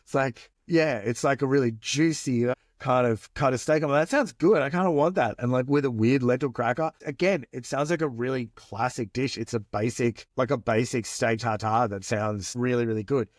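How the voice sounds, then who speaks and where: A man's voice: mid-range voice, steady tone, normal speed, hardly any pauses, no room sound, studio quality. A man co-hosting a podcast, rambling in casual chat and swearing now and then. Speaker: podcast co-host.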